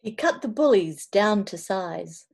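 A woman reading a children's picture book aloud over a video call, expressive and playful, slipping into whispers and little asides. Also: mid-range voice, measured pace, vocal fry, breathy edge. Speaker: children's storybook reader.

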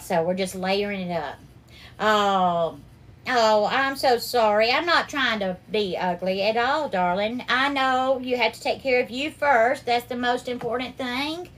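A woman hosting a live cooking stream, warmly greeting viewers by name and calling them darling and sweetheart. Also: on the high side, measured pace. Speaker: cooking livestream host.

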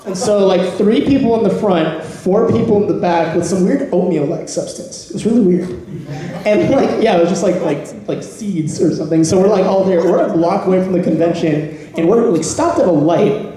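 A man on a convention podcast panel telling a story with lots of laughter and animated energy. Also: high-pitched, normal speed. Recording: echoey hall, panel mic.

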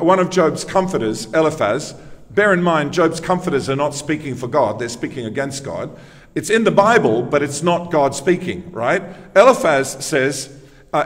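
Man preaching in a reverberant church. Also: a little high. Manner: conversational storytelling with emphatic rhetorical questions. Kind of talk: sermon.

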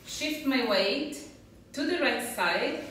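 A woman's voice: a little high, animated, slow pace, fairly bright tone, slight background noise. A woman teaching a belly dance class, counting rhythms and explaining steps patiently. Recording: echoey room, voice from far off.

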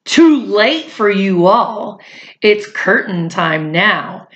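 A woman's voice: mid-range voice, sing-song, extremely slow, fairly bright tone, highs cut off, heavily acted. Woman reading as a sly big spider judge. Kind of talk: storybook read-aloud.

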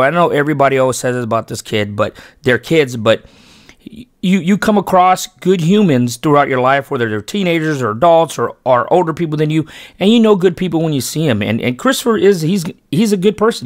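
A man's voice: a little high, no room sound, studio quality. A man who hosts a fishing channel tells, in casual and rambling style, how a day of fishing with his son went, often restarting and correcting himself. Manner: earnest, emphatic when praising his son. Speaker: fishing channel host and father. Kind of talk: casual storytelling vlog narration.

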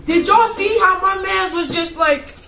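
High, screaming young horror-game player. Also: a little slow, vocal fry, music in the background, rough recording. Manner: loud panicked screams and jokey banter. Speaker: gamer playing a horror game.

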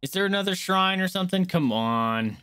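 A man streaming a game live, chatting casually with viewers and reacting out loud. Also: high voice, lively intonation, a little fast, smooth, no echo, studio quality. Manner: chatty, greets chat, squeals when startled.

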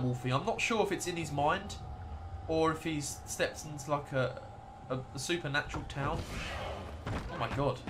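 A man's voice: on the high side, noisy background. An American man streaming a game live, chatting casually and rambling to his viewers. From United States.

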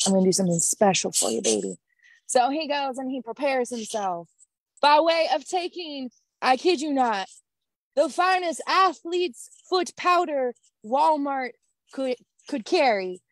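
A woman doing stand-up over a video call, brash and profane, every story sounding exasperated. Her voice sits a little high and comes through dry and close, with no room sound around it. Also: no room sound. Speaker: stand-up comic. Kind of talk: stand-up comedy set.

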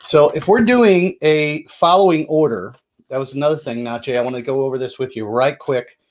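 Chatty man explaining board game rules. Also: mid-range voice. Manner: chatty and loose, lots of fillers and self-corrections. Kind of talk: casual rules walkthrough.

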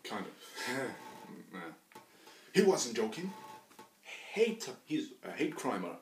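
A man rambling through a crude, joking solo monologue as a podcast host, swinging into loud bursts of mock bravado. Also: mid-range voice, sing-song, slow pace, slight background noise.

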